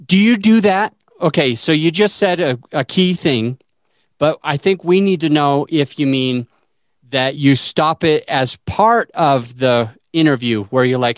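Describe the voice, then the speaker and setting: Enthusiastic podcast host man, slightly higher voice. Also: unhurried, no room sound, clean studio sound. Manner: enthusiastic, effusive with praise. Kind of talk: casual interview talk.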